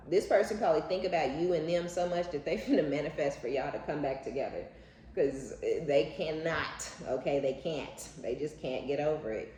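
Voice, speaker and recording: A woman's voice: low voice, warm tone. A woman giving a casual tarot reading, blunt and profane, with a playful, laughing manner. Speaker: tarot card reader. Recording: echoey room with faint background noise.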